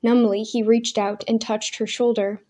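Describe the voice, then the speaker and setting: Warm-toned woman narrating an audiobook. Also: on the high side. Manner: measured, expressive reading. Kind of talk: scripted narration.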